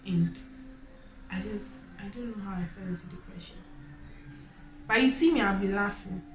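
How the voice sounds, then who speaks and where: A young woman tells a personal story straight to the camera. Her voice swings from bright exclamations down to soft, close confiding. The room rings with echo and has a faint hum underneath. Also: moderate pace. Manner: expressive, swinging from loud exclamations to quiet, low confiding. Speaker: vlogger. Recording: echoey room.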